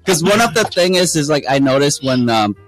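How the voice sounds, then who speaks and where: A man's voice: on the high side, very animated, a little fast, soft background music. A man in a casual group chat, telling rambling stories and laughing along. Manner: rambling, giggly storytelling.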